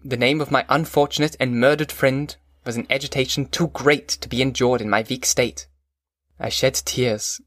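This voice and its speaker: A man narrating a classic novel as an audiobook in a measured, formal reading. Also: medium pitch, fairly even intonation, a bit bright, no echo, studio quality.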